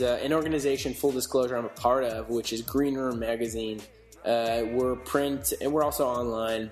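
A man's voice: mid-range voice, reverberant. A man co-hosting a podcast in casual chat, sarcastic and rambling, with lots of restarts. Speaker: podcast co-host.

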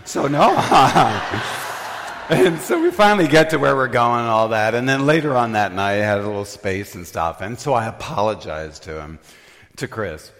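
A man's voice: on the low side, expressive, moderate pace, fairly bright tone. An older man preaching in a humorous, self-mocking storytelling way, often laughing. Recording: reverberant hall.

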